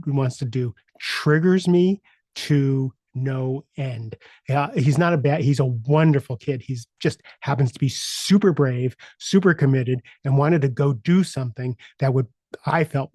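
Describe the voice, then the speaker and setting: Middle-aged guy coaching podcast, mellow voice, dry close sound, lots of uh and restarts. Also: mid-range voice, no echo. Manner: halting, with many fillers and restarts. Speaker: podcast host and executive coach. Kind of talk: casual personal storytelling monologue.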